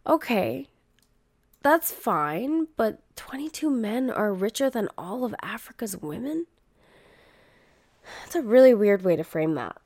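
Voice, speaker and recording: Young woman, podcast host; unhurried, slightly high voice, dry close sound, swears casually while riffing on the news. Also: big pitch swings, a little mellow, dry recording. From Canada. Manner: casual and profane, reads headlines aloud then riffs with blunt commentary. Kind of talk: casual chat reading news headlines.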